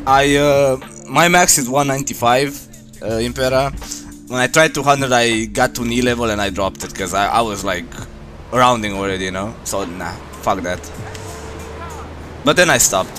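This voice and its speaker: Rambling low-voiced man from Romania. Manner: relaxed, rambling, many fillers. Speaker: streamer. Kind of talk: casual chat with viewers. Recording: music playing behind.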